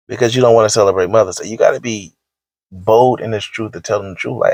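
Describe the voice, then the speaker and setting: A man's voice: mid-range voice, fast talker, dry recording. A man delivering a preachy, scolding rant in slangy speech, hammering his points home by repeating them. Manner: emphatic and repetitive, scolding, slangy. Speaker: online commentator.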